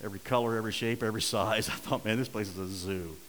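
Middle-aged pastor preaching in an echoey hall. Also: male voice, on the low side, fairly even intonation, fast talker, slight background noise. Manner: storytelling, swings from soft to loud and urgent. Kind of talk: sermon.

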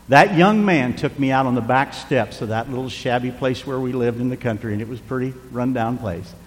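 A man in his sixties preaching a sermon, telling a personal story with animated delivery that drops to a hush at tender moments. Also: medium pitch, long reverb tail. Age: 60s. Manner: animated, drops to hushed tones for emotional moments.

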